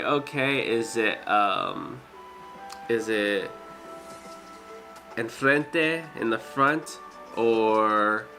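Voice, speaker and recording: A man's voice: lowish voice, sharp tone. A man chatting casually with his stream viewers, hesitant and full of fillers and restarts. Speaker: streamer and dental worker.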